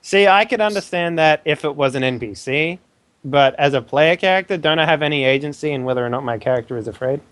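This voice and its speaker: Swearing, argumentative tabletop player. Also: male voice, a little high, fast talker, a bit bright, clear, resonant tone, no room sound. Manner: argumentative, sarcastic, swears often. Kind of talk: casual tabletop play.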